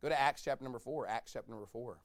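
A male pastor preaching a sermon, reading scripture slowly and swinging between loud shouted calls and low quiet asides. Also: creaky. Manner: reads scripture in slow, drawn-out cadence.

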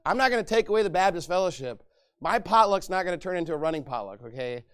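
A middle-aged man preaching a sermon as pastor, lively and conversational, acting out quoted voices and laughing now and then. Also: high-pitched, quick pace, smooth.

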